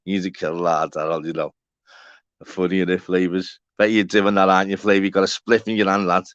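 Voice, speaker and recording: A man's voice: sits low, fairly even intonation, a little fast, a bit bright, clean tone, dry recording. Brief: Scouse male streamer, matey and rambling, swears a lot, dull dry lo-fi sound. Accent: Liverpool (Scouse). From Walton, Liverpool, England. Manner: rambling and matey, swears, calls viewers by name. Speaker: live stream host. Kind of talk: casual live-stream chat to viewers.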